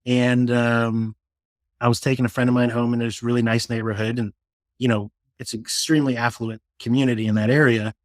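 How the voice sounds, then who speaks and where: A man's voice: mid-range voice, fairly quick, no echo. Dry-voiced man telling stories. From Florida, USA. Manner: animated storyteller who acts out quoted dialogue, frequent restarts. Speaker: interview guest. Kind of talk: casual storytelling interview.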